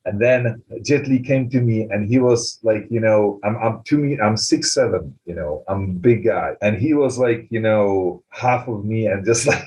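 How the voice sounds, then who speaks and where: A man's voice: on the low side, normal speed, hardly any pauses. Czech-accented man telling stories. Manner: animated storyteller, frequent "you know". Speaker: film writer-director guest. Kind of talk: anecdotal interview storytelling. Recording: dull lo-fi sound.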